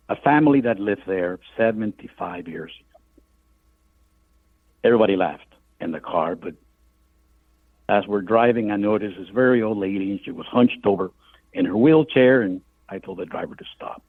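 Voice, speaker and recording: An older Cuban man, an author guest on a radio interview, tells a vivid story in a lowish voice, acting out voices when he quotes people. He's on a phone, so the dry recording sounds like a tinny phone line.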